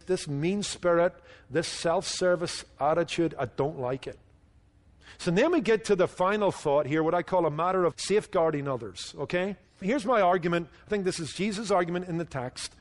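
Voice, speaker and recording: High-voiced preacher in a reverberant hall. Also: male voice. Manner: animated storytelling with voiced quotes. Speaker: pastor. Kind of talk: sermon.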